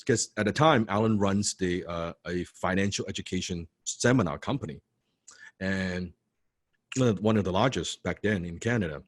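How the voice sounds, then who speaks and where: A man in animated storytelling talk, excitable, who often repeats words and swears for emphasis. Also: low-pitched, moderate pace, breathy edge, dry recording. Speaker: business coach telling a personal story.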